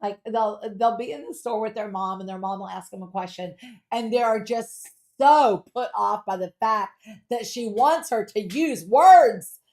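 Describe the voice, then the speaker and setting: A middle-aged woman hosting a live shopping show, selling jewelry in a chatty, playful, animated way and reading out viewer comments. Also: medium pitch, normal speed. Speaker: home shopping host. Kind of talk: live jewelry sales pitch.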